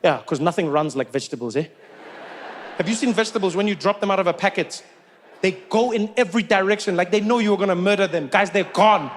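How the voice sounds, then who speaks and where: A man with a South African accent performing a stand-up comedy set, telling animated stories with lots of repetition. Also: high-pitched, fast talker, slight background noise.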